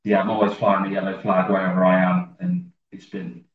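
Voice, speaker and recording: A man's voice: low-pitched, completely flat delivery, fairly quick. A man, a football fan guest, talking hesitantly with many ums. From England. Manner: hesitant, lots of ums, self-deprecating. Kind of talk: remote podcast interview. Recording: roomy distant dull call audio.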